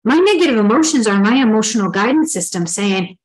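A woman's voice: a little high, animated, brisk, few pauses, rough recording. Earnest middle-aged woman teaching. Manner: earnest, reflective, acts out inner dialogue. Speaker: spiritual teacher. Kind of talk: spoken spiritual teaching.

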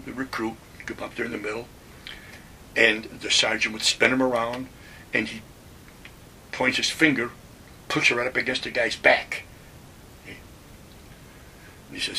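An older man from Western New York, a WWII veteran, telling his stories in a recorded oral history, animated and acting out the voices of others. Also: medium pitch, unhurried, pauses often, distant mic, a little hiss or hum. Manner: animated storyteller, acts out quotes, chuckles.

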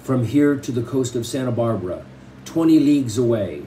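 A proud island chief speaking firmly and quietly insisting on his people's due, as a man reads him aloud from a storybook. The tone is mellow, over faint background hiss. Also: mid-range voice, lively intonation, normal speed, close to an everyday voice, rough recording.

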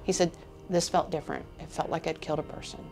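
Woman interviewee, lowish voice, earnest retelling with quoted lines, soft music bed. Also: level tone, fast talker. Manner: earnest retelling that slips into quoting others. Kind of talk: casual storytelling.

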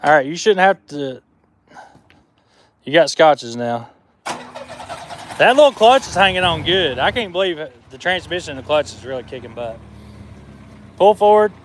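A man with a slightly high voice and a lot of swing in his pitch, filming his son. He talks slowly in easygoing, slangy banter. Faint engine noise sits behind him outdoors. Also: big pitch swings. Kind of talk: casual chat.

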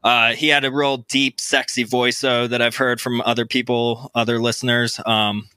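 Bright-voiced, playful male podcast host. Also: medium pitch, moderate pace, clean tone, no echo. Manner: laughing, playful, lively. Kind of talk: casual chat. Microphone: remote recording mic.

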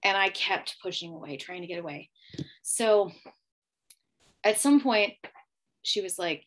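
A woman's voice: medium pitch, expressive, unhurried, pauses often, fairly bright tone. A woman hosting a podcast, candidly telling her own story with emotion and many fillers. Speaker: podcast host. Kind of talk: personal storytelling monologue.

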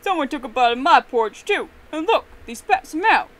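A woman voicing a fussy, indignant father bear who shouts and huffs in a storytelling piece. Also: sits high, expressive, brisk. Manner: loud, huffy and indignant.

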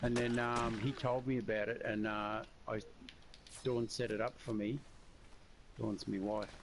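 A man's voice: fairly low pitch, flat delivery, measured pace. A man chatting casually on voice chat during a game stream, telling long rambling anecdotes. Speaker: friend on voice chat. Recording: noisy voice-chat audio.

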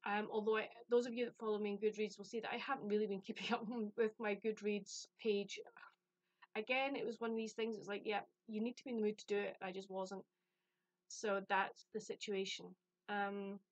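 A UK woman, a book vlogger, chats casually about a book she received, rambling and self-deprecating. Her voice is medium-pitched, with no room sound and a rough recording.

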